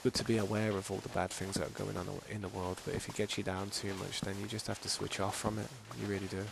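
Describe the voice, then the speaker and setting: Brummie male game streamer, low voice with gravel, chatty and meandering. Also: flat delivery, fast, background noise. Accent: Birmingham English. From England. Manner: rambling, chatty, reads chat messages aloud. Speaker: gaming streamer. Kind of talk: casual live-stream chat.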